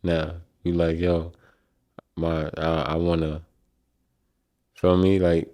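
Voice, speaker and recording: A man's voice: low-pitched, little pitch movement, slow pace, warm tone. A man co-hosting a podcast in casual chat, listening in a laid-back way and answering with short affirmations. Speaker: podcast co-host.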